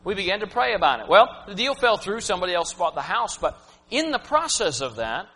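A man in his thirties preaching a personal, emotional sermon, swinging from loud to hushed. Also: high voice, very animated, a little fast. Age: 30s. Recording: reverberant hall, faint hum.

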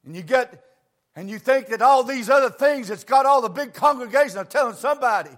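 A man with a high voice preaches in a folksy, storytelling way. His plain homespun phrasing is full of asides. He swings from low murmurs to fervent shouting. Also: animated, brisk.

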